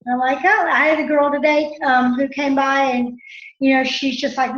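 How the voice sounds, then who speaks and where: Woman guest, high voice, roomy and dull-sounding recording, chatty storyteller. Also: steady tone, normal speed. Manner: storytelling, acts out coworkers' voices. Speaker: discussion participant. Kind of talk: casual group discussion.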